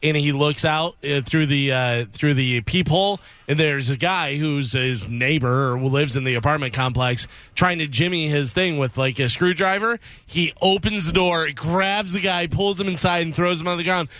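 A man's voice: a little high, normal speed, few pauses, fairly bright tone, no echo. A man co-hosting a radio talk show, chatting casually and telling a story.

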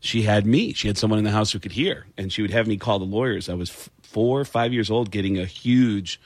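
Animated middle-aged comedian telling stories. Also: male voice, on the low side, brisk, dry recording. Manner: animated, slips into voices. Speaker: stand-up comedian guest. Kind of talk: casual interview storytelling.

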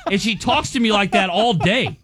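A man's voice: sits high, moderate pace, fairly bright tone, a little hiss or hum. A man in his thirties co-hosting a radio show, bluntly complaining in crude, mocking terms. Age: 30s. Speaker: radio co-host. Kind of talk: casual radio banter. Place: radio studio.

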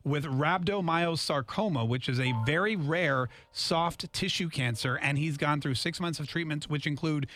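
A man's voice: fairly high pitch, normal speed, few pauses, a bit bright. A man hosting a morning radio show, chatting casually and upbeat with lots of fillers. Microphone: studio mic.

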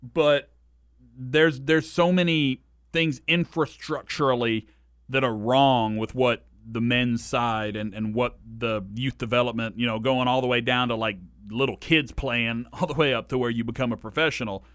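A man co-hosting a sports podcast in a bright, forceful voice, holding forth with plenty of restarts and strong opinions. The sound is dry and close to the mic, with no room around it. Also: medium pitch, steady tone, moderate pace, clear, resonant tone, no echo. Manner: talks at length, many restarts, opinionated. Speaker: co-host. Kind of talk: casual sports podcast chat.

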